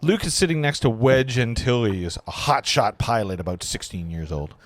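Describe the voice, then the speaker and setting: A man's voice: medium pitch, lively intonation, moderate pace, heavy background noise. Casual man reading stage directions. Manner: casual, stumbling and joking between lines. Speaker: host and narrator.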